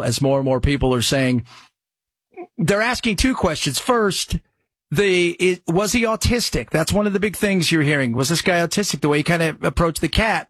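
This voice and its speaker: Man, radio host, husky, dry studio sound, rambling casual talk. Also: a little high, a bit bright, no room sound. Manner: rambling, conversational, jumps between topics.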